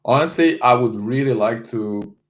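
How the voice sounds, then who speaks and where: A man's voice: medium pitch, normal speed. A man hosting a casual live stream, greeting viewers, reading the chat aloud and talking loosely with frequent restarts.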